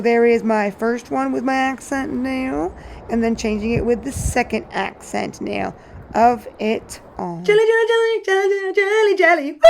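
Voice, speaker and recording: Chatty, excitable woman nail vlogger. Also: on the high side, gravelly. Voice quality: voice crackling. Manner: chatty, rambling, excitable with sing-song bursts. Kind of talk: casual voice-over while painting nails.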